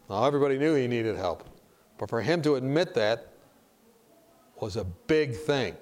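A man of ordinary pitch leads a conversational sermon, blunt and direct in his delivery. He teaches through personal stories and keeps turning to his listeners with questions. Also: lively intonation, moderate pace, long pauses, a little mellow. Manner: direct, storytelling, asks the audience questions. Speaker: preacher teaching a class.

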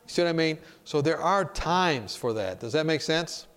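A man's voice: on the high side, lively intonation, normal speed, a bit bright, clear, resonant tone. A man preaching in a conversational way, telling stories and asking his listeners questions. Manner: direct, storytelling, asks the audience questions. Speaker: preacher teaching a class.

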